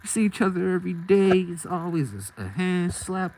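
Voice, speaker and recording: A man's voice: sits high, sing-song, normal speed, few pauses, darkish tone, low-quality recording. A man telling a story from his own life in casual street slang, acting out the scenes as he goes.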